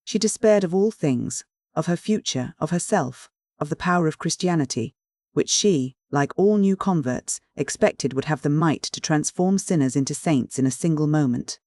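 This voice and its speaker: A man reading a classic novel as an audiobook, with measured, earnest narration. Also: fairly high pitch, animated, a little mellow, no echo, clean studio sound. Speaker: audiobook reader. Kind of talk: scripted narration.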